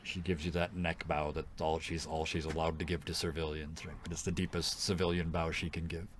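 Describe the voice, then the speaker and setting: A man narrating as game master, relaxed and rambling, with fillers and laughter. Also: rumbling low, fairly quick, a little hiss or hum.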